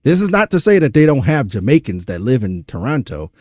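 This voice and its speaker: A man's voice: medium pitch, very animated, a little fast, darkish tone, no room sound, clean studio sound. A young man from Louisiana with a Louisiana accent, exasperated and profane, ranting through a reaction stream. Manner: exasperated, profane, rhetorical questions.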